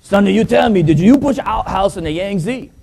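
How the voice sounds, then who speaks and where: A man's voice: sits high, animated, a little fast, gravelly, warm tone, breathy edge, voice pushed up, full character voice. A man voicing a stern older father who talks in formal, stilted broken English, as part of a joke.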